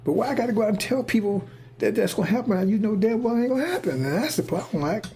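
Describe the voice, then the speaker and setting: Gravelly man rambling in a casual monologue. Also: high voice, expressive, quick pace, darkish tone, a little hiss or hum. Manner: casual, repetitive, keeps checking in with "see?" and "right?". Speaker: speaker giving a prophetic monologue.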